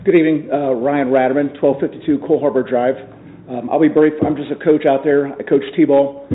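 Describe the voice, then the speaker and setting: A man, a youth baseball coach giving public comment, plain-spoken and halting with fillers. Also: medium pitch, fairly even intonation, a little hiss or hum. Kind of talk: public comment at a council meeting. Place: city council chambers. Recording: tinny phone-like meeting feed.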